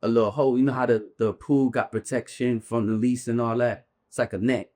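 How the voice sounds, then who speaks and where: A man's voice: medium pitch, steady tone, brisk, mellow. A man, a bare-knuckle fighter, earnestly recounting a painful memory as a podcast guest, often checking in with his listener. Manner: earnest, urgent retelling, often checks in with "you feel me". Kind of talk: personal storytelling in a podcast interview.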